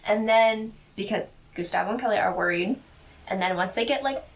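A woman's voice: medium pitch, a little fast, recorded from a distance. A woman co-hosting a casual recap chat, thinking things through aloud in a chatty way. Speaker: podcast co-host.

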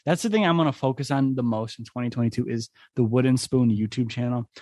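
A man's voice: medium pitch, fast, mellow, no room sound. Casual young man from upstate New York. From Buffalo area, New York. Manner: rambling, lots of "like" fillers, profane. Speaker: podcast host. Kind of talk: casual chat.

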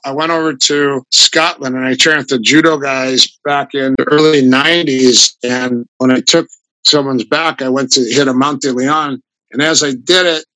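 An older grappling fighter and coach, appearing as an interview guest, tells rambling, animated anecdotes that keep restarting. His voice is fairly high and gravelly, sounding as if it comes from a flattened throat, in a casual storytelling chat. The recording is dry and low in quality.

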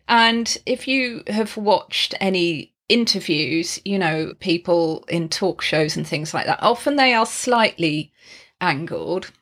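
A woman who teaches singing, talking through tips in a casual tutorial and showing off pitch and volume changes with her own voice, with chatty asides. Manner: expressive, demonstrates pitch and volume changes while explaining; chatty, with frequent laughs and asides.

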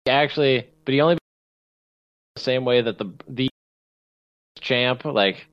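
A man's voice: mid-range voice, a little slow, fairly bright tone, dry recording, highs cut off. A man co-hosting a casual podcast, teasing and swearing casually, with lots of fillers. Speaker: podcast co-host.

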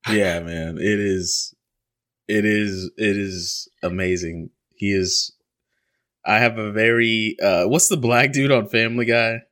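A man hosting a podcast, telling a story in animated casual chat and laughing often. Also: fairly low pitch, takes it slowly. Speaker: podcast host.

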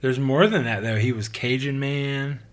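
A man in his thirties co-hosting a podcast, animated and swearing freely, breaking into sung and acted bits. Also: mid-range voice, moderate pace. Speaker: podcast co-host. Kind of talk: casual chat.

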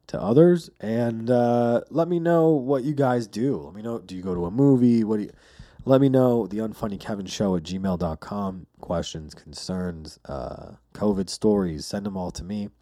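Male podcast host, loose profane storyteller, low-ish warm tone. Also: expressive, moderate pace. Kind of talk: casual solo podcast monologue.

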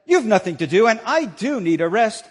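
A man's voice: high-pitched, very animated, moderate pace, long reverb tail. A pastor voicing a lazy, bored female bird who begs to be let off her nest, in a sing-song, pleading way. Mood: bored whining.

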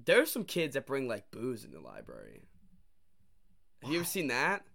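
A man's voice: mid-range voice, normal speed, creaky. A young man co-hosting a podcast, telling stories in casual chat and acting out what people said. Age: young adult. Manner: animated storytelling, acts out quoted exchanges. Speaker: podcast co-host.

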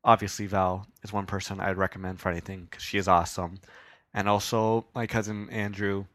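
A young man talks through a solo podcast in a loose, rambling way, often poking fun at himself and swearing casually. His voice sits a little low, and the recording is dry and close. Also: little pitch movement, brisk, a bit bright, no echo. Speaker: podcast host.

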